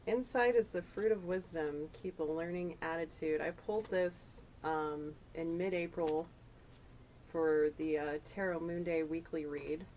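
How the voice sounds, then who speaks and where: A woman's voice: low-pitched, fairly even intonation, a little slow, a little mellow, slight background noise, low-quality recording. A woman giving a casual, emotional tarot reading, chatty and rambling with fillers. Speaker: tarot reader.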